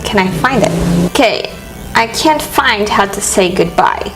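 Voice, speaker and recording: A young Brazilian woman vlogger, a native Portuguese speaker with a Brazilian Portuguese accent, gushes enthusiastically while chatting to camera. Her medium-pitched voice has lively intonation and a measured pace. Music plays in the background of a rough recording.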